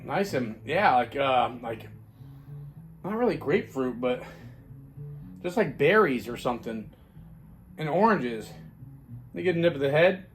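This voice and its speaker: A man's voice: medium pitch, sing-song, unhurried, pauses often, faint music behind. A man reviewing his own homebrewed beer in a casual chatty video, rambling with fillers and restarts.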